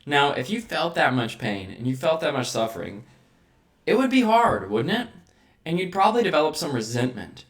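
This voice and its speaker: A man's voice: a little high, sing-song, normal speed. A man hosting a vlog, talking through a motivational monologue and checking in with the listener by asking "right?" again and again. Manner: rhetorical, checks in with frequent "right?" tags. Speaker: vlog host.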